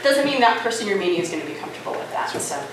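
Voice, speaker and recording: A woman giving a live talk at a conference, conversational and lively, often checking in with "right?" and "okay?". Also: medium pitch, racing. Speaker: conference speaker. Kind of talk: live presentation to an audience. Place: conference room with audience. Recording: echoey, distant hall recording with noise.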